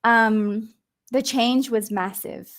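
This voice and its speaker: A chatty Australian woman on a video call, her voice sitting a little on the high side. She talks casually as an English tutor, laughs often and drifts through plenty of ums. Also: steady tone, slow pace, fairly bright tone.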